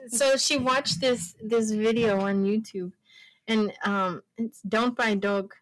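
Earnest woman, flat steady delivery. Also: fairly high pitch, slow pace, poor audio. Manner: earnest, prayerful, many fillers. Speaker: podcast host and homeschooling mother. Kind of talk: casual family chat and closing prayer.

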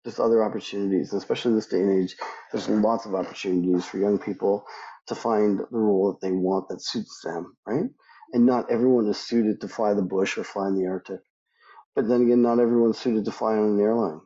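A middle-aged man answering interview questions emphatically, restarting his sentences often and jumping up in pitch when he quotes other people. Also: steady tone, fairly quick, mellow, lo-fi sound. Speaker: guest, aviation professional.

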